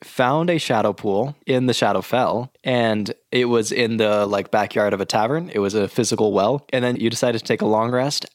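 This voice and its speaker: A man's voice: lowish voice, normal speed, hardly any pauses, no room sound. Game master guy narrating the session, chill, dry close mic. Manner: relaxed, chuckling.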